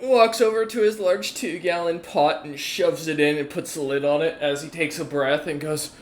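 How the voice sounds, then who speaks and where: A man running a tabletop game, with a fairly high voice. He narrates loosely, with frequent laughter and a stream of fillers and restarts. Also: normal speed, a little hiss or hum. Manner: rambling, laughing, full of fillers. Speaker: game master.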